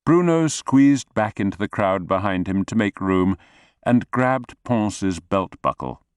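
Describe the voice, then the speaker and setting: A man narrating an audiobook in a measured, even way. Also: fairly low pitch, smooth, no room sound. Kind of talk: scripted narration.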